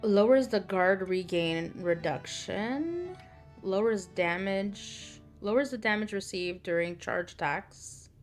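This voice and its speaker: A woman's voice: mid-range voice, animated, slow. Young woman streaming a game, chatty and jokey, mid-range voice, a little music behind. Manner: chatty, joking, reads game text aloud. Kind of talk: casual gameplay commentary.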